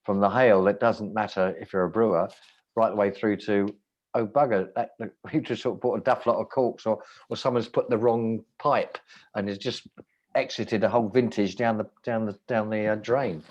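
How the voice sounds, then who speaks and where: A man's voice: fairly low pitch, steady tone, normal speed, darkish tone, lo-fi sound. A man, a restaurant owner, telling wry rambling stories in casual chat, often breaking off and restarting. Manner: rambling, self-interrupting, wry.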